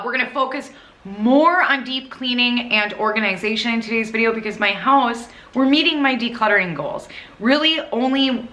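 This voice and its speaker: A woman with a Minnesota accent and a high, bright, forceful voice hosts a cleaning vlog. She opens with a chatty intro to camera, rambling eagerly and often correcting herself.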